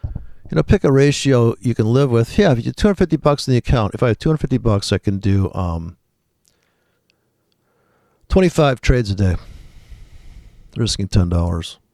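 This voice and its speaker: A man's voice: medium pitch, animated, moderate pace, pauses often, dark tone, no room sound, studio quality. A man talking casually and profanely as he comments live on trading charts, rambling and thinking aloud. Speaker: trading video host.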